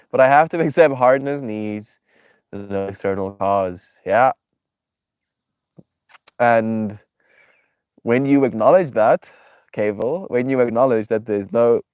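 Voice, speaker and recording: A man with a stuffy, congested voice talks gently to his chat, greeting viewers by name and musing out loud. His voice sits low, and the sound is dry and close, with no room echo. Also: clean tone. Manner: reflective, affectionate, reads chat names aloud. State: stuffy nose. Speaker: streamer. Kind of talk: casual live-stream chat with viewers.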